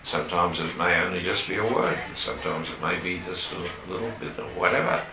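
Deep voiced preacher guy, slow emphatic sermon, roomy echo, faint hum behind. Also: expressive. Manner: slow, emphatic preaching with rises on key words. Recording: echoey room with faint ambience.

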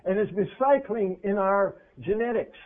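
A man preaching a sermon in a conversational way. He asks his listeners questions, and his voice swings from loud to hushed. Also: high voice, moderate pace. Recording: tinny phone-like radio recording.

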